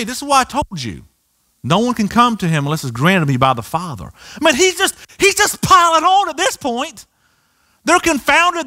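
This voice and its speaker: A man preaching a sermon in a church, animated and acting out the voices of people in the story. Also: very high voice. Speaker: pastor. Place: church sanctuary.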